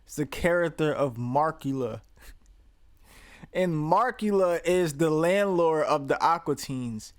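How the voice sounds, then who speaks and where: A man's voice: a little high, no echo, clean studio sound. A man hosting a reaction video, rambling casually, laughing and swearing.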